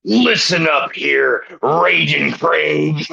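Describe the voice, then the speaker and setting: A swaggering, gravel-voiced pro wrestler, as a man puts him on, drags out his boasts slowly, calling his opponent "brother." The voice sits raised and bright with a rough edge. The sound is dry and a little dull. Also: on the high side, no room sound, heavily acted. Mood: boastful. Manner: slow, growling hype delivery ending lines with "brother".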